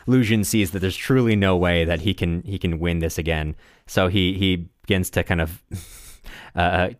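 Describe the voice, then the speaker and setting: A man co-hosting a podcast, casually recapping a novel in a halting, rambling way with many restarts and frequent laughs. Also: low voice, dry recording, studio quality. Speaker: podcast co-host.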